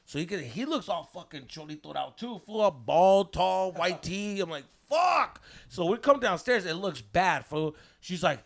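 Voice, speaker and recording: A man's voice: high voice, animated, moderate pace, gravelly, hardly any pauses. A man in his thirties telling a wild story on a casual podcast, slangy, swearing often and mixing in Spanish words.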